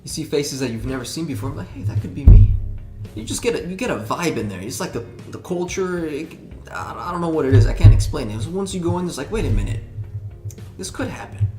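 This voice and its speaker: A man's voice: a little high, lively intonation, fast talker, hardly any pauses. A man, a rock band member, chatting in an interview, rambling with many restarts and fillers. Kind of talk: casual interview chat. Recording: roomy sound with background music.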